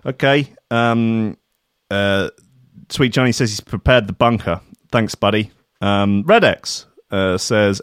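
A man's voice: mid-range voice, big pitch swings, unhurried, a bit bright, no room sound, studio quality. A man, working as a radio DJ, chatting casually and ranting sarcastically between records with plenty of swearing.

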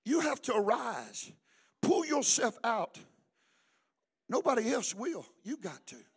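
A man's voice: very high-pitched, sing-song, slow, husky. A man preaching a sermon as pastor at a church service, fervent and emphatic, urging the congregation to repeat after him. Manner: fervent, emphatic preaching with call-and-response prompts.

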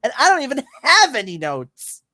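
A man's voice: very high-pitched, huge pitch swings, normal speed, sharp tone. A man co-hosting a podcast, jumping in with corrections and playful teasing in casual chat. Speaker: podcast co-host.

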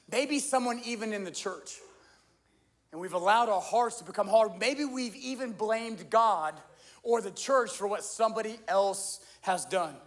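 A man's voice: extremely high pitch, a bit bright. A male pastor, a young adult, preaching a sermon with repeated phrases that swell into impassioned calls. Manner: rises to impassioned crying out, repeats phrases for emphasis.

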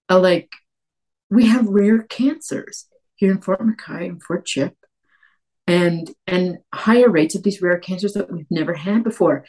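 A woman author from Cape Breton, talking in an interview in an animated way with many restarts and acted-out quotes. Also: lowish voice, a little slow. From Cape Breton, Canada. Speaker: author guest. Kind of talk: conversational interview.

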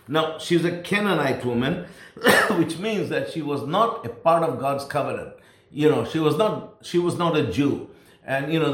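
A man's voice: a little high, a bit bright, roomy sound. A man preaching a sermon, emphatic and repeating words to drive points home.

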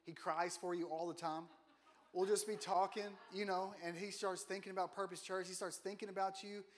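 A man's voice: sits high, flat delivery, brisk. A man giving a casual, joking sermon in a church, often putting questions to the congregation. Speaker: guest preacher. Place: church auditorium.

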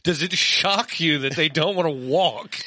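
A man's voice: on the high side, measured pace, bright, forceful tone. A man co-hosting a podcast, bantering in casual chat with teasing sarcasm. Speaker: podcast co-host.

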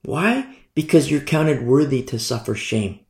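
A man's voice: mid-range voice, lively intonation, unhurried, gravelly, darkish tone, roomy sound. A man preaching a sermon, repeating key phrases and asking emphatic rhetorical questions. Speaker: pastor.

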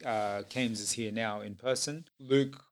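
A man's voice: medium pitch, steady tone, unhurried. A man hosting a podcast, rambling in casual chat with many fillers. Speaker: podcast host.

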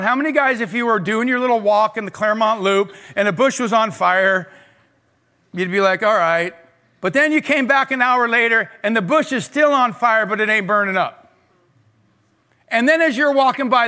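An energetic man preaches a sermon from the pulpit, often calling out to his congregation to answer him. His voice sits high and comes across bright and forceful. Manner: energetic, calls on the congregation to respond. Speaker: pastor. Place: church service.

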